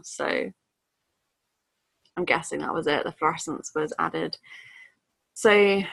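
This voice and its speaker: A woman's voice: lowish voice, normal speed, gravelly, pauses often, pushed and bright, dry recording. A woman co-hosting a podcast, chatting casually about a book and acting out quotes in silly voices. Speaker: podcast co-host.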